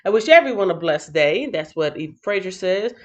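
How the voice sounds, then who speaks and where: A woman hosting a casual livestream, who sounds tired after a night shift. She reads out chat comments in an animated, playful way and breaks into sing-song bits. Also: lowish voice, a little fast. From Texas. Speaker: livestream host.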